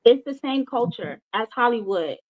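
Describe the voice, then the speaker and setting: A woman from California talks hesitantly as a podcast guest, with fillers and soft laughs. Her voice is fairly high. The sound is somewhat dull and lo-fi. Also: lively intonation, moderate pace. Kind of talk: casual chat.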